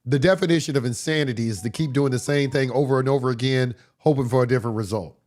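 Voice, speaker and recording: A man giving a casual livestream lecture as a course instructor, blunt and profane, his voice hoarse from a cold. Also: mid-range voice, quick pace, a little mellow.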